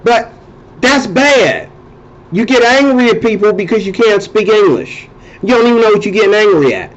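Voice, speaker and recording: A male host with a high-sitting voice and lively intonation rambles conversationally at normal speed, circling back to repeat himself and restarting phrases. The recording sounds muffled.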